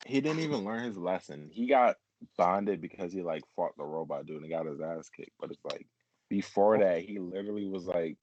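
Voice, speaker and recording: A man's voice: deep voice, lively intonation, normal speed, darkish tone, highs cut off. A man co-hosting a casual group chat, rambling, swearing and laughing often. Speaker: podcast co-host.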